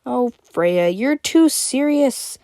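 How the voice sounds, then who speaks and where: A woman doing a squeaky, bubbly robot girl. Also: takes it slowly, no echo, studio quality, exaggerated voice. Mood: excited. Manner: excited rambling with fillers. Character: hyper bubbly young girl, half robot.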